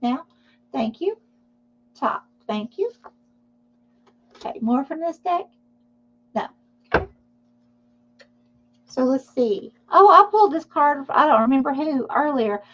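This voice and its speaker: Woman, tarot reader, live stream, high-pitched and reassuring, dull lo-fi sound. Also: expressive, slow, long pauses, a bit bright. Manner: reassuring, repeats "okay?" often.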